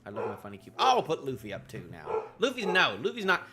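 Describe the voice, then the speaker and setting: A man live-streaming a manga reaction, excitable, repeating himself and drifting into tangents. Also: mid-range voice, quick pace, music in the background.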